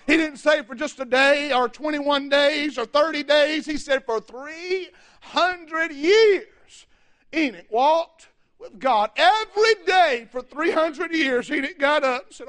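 High, bright-voiced shouting preacher man. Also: slow pace. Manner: shouting preacher, repeated "amen" and "my friend". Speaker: pastor. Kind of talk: fiery sermon.

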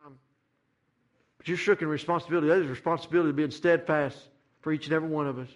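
Delivering a sermon, a middle-aged pastor talks fast in a fairly high, steady voice. His preaching has a repetitive rhythm and keeps rising to fervent, shouted peaks.

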